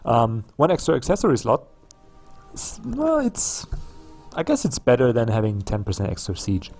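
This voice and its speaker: A man's voice: medium pitch, sing-song, fast talker, a little mellow, soft background music. A man giving casual let's play commentary on a strategy game, musing aloud with frequent ums and restarts. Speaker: gameplay commentator.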